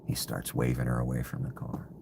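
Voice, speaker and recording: Very deep-voiced man ranting bitterly. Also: monotone, brisk, vocal fry, noisy background. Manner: bitter, profane and contemptuous. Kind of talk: ranting monologue.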